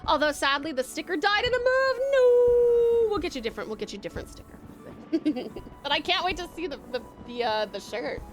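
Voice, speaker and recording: A woman's voice: high voice, lively intonation, a little fast, music in the background. A woman with an Australian accent, chatting casually with viewers while she plays a game on a live stream, rambling, swearing and laughing often. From Tasmania, Australia.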